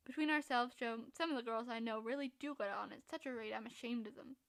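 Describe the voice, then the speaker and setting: A woman voicing a charming, playfully mocking young gentleman in a storybook reading. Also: fairly high pitch, fast. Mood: teasing.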